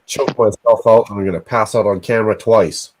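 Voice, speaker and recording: A man's voice: fairly low pitch, fairly even intonation, fairly quick, slight background noise, rough recording. A man hosting a casual livestream, scolding himself with groans and frequent swearing. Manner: self-reproaching, groaning, swears often. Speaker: livestream host.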